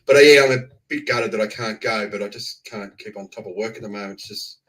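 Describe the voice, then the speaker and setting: Bright-voiced Australian man telling a story. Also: fairly low pitch, quick pace. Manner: chatty storyteller, laughs often, acts out quotes. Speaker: guest. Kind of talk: casual chat on a livestream.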